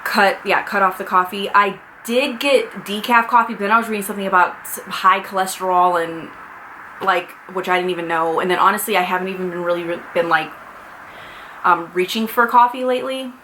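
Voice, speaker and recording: Chatty, bright-voiced woman vlogging. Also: mid-range voice, steady tone, a little fast, a little hiss or hum, poor audio. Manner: chatty, filler-heavy, anxious and candid. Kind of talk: casual pregnancy update vlog.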